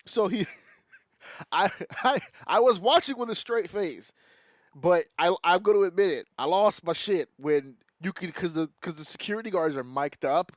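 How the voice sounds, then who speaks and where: A man co-hosting a casual podcast, excitable and profane, acting out scenes as he laughs through his stories. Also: sits high, normal speed, dry recording, clean studio sound. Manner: excitable, swears freely, acts out scenes while laughing. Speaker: podcast co-host.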